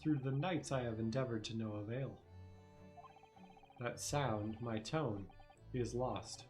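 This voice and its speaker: A man's voice: mid-range voice, slow, a little mellow, faint music behind, lightly acted. A streamer voicing a melodramatic, eccentric male detective with a grandiose, mournful delivery. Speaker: streamer voicing game characters.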